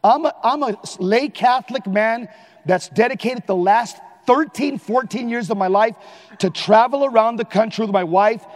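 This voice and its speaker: Emphatic, high-voiced Catholic preacher. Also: male voice, moderate pace, long reverb tail. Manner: animated, emphatic, at times shouting. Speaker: Catholic lay speaker. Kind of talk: live preaching talk.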